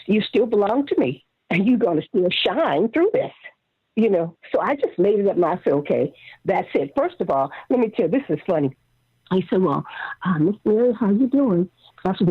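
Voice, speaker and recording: A woman's voice: mid-range voice, slightly rough, dry recording. An older woman, a singer, telling stories in a casual phone interview and acting out the voices of the people in them. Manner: animated storyteller, acts out quotes. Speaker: guest singer. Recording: dry phone line.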